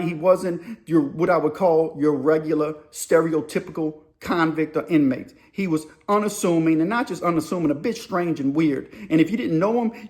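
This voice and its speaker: A man telling a story in a casual, animated, rambling way, full of slang. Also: high voice.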